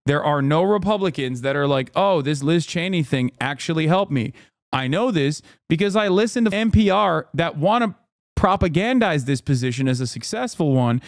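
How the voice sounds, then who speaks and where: Man, political streamer, animated exasperated rant, sarcastic mock voices, fairly high voice, dry close-mic sound. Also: no echo. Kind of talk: live-stream political commentary, reacting to chat.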